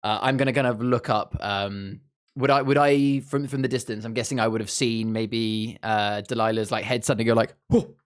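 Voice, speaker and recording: A man's voice: medium pitch, steady tone, moderate pace, clear, resonant tone. A man playing in a tabletop game, chatting casually and thinking aloud with many restarts. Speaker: player.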